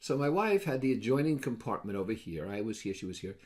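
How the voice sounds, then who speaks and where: A man's voice: fairly low pitch, sing-song, fast, darkish tone. A man hosting a short advice video, telling casual anecdotes with wry, joking asides. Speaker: host of a daily advice video series.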